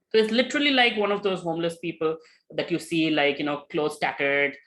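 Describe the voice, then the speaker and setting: A man giving a spiritual talk, telling a story with lively retellings and many fillers. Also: fairly high pitch, brisk, low-quality recording. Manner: animated, with many fillers and acted quotes. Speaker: spiritual teacher.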